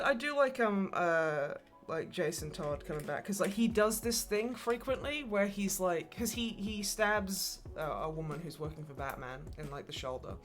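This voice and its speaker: A woman streamer rambling through casual chat with a bright, forceful voice that sits a little low. She swears freely and laughs often between stories. Faint music plays underneath. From Polish family. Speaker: livestream host.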